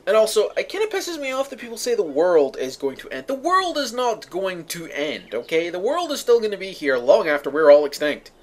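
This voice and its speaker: A man's voice: high voice, wildly swooping pitch, brisk, hardly any pauses. A young man from the UK ranting sarcastically to his viewers, profane and exasperated. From United Kingdom. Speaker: vlogger. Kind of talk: ranting monologue to camera.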